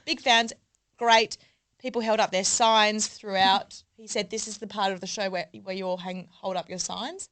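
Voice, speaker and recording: A woman's voice: mid-range voice, fairly even intonation, normal speed, fairly bright tone. Wry Australian woman, chatty. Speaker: podcast co-host. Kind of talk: casual chat.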